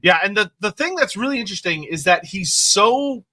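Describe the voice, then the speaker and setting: Enthusiastic podcast guy breaking down lore, bright sharp voice, swears casually. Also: high-pitched, animated, fairly quick. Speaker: podcast co-host.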